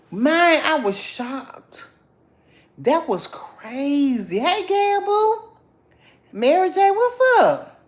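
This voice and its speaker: Animated chatty woman livestreaming. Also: sits high. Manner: chatty, animated, greets viewers by name. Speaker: livestream host. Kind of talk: casual livestream chat with viewers.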